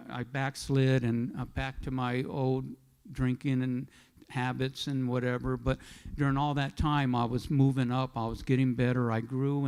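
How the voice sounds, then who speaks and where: A man's voice: medium pitch, darkish tone, clear, resonant tone. Older man in his sixties, church testimony, loose rambling storyteller who keeps sidetracking himself. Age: 60s. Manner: rambling, conversational storytelling with self-interruptions. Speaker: church member giving testimony. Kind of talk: personal testimony at a church service. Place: church sanctuary.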